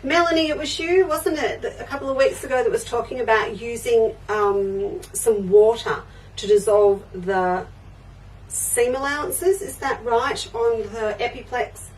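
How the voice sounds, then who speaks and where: A woman's voice: a little high, unhurried, far from the mic, poor audio. An older woman hosting a live quilting show, chatting away and answering viewers' comments as they come in. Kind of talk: live crafting show chat.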